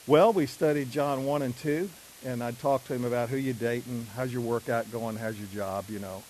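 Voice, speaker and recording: A middle-aged man giving a talk to a men's group, telling stories in a relaxed conversational way and acting out the dialogue. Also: medium pitch, normal speed, rough recording. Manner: conversational, acts out dialogue with fillers. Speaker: speaker at a men's ministry. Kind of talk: sermon-like storytelling talk. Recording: faint hiss.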